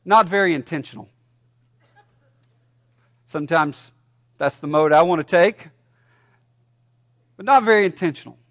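A man preaching a sermon as a pastor, animated, telling a story and shouting punchlines. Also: a little high, measured pace, long pauses, no room sound, clean studio sound. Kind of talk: sermon with a joke told.

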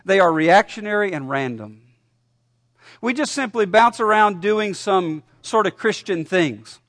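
A man preaching a sermon as a pastor, animated, telling a story and shouting punchlines. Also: sits high, a little slow, dry recording, clean studio sound. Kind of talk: sermon with a joke told.

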